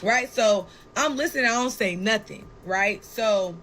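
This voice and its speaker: A woman's voice: mid-range voice, measured pace, background noise. Blunt, profane young woman telling a story. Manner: blunt, profane and animated, with frequent "like" and "right?". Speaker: podcast guest telling a personal story. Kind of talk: casual storytelling.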